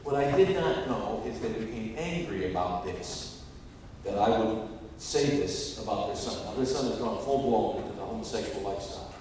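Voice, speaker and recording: A man preaching a sermon as a pastor, telling a story and rising to loud, emphatic peaks. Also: fairly low pitch, expressive, normal speed, a little hiss or hum. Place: large church sanctuary. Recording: echoey hall, distant mic.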